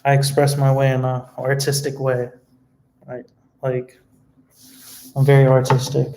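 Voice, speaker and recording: A young man talks to his viewers on a home live stream, earnest and a bit rambling. His delivery stays strikingly flat, with hardly any rise or fall, and his tone is dark and soft. He answers comments loosely, with plenty of fillers. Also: medium pitch, a little slow, slight background noise, poor audio. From United States. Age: young adult. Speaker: vlogger hosting a live stream. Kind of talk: casual live-stream chat reading comments.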